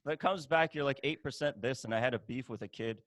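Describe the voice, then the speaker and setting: Male podcast guest from Iran, mid-pitched, comic mock-indignant banter, dry close mic. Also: quick pace, a bit bright, dry recording. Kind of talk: casual chat.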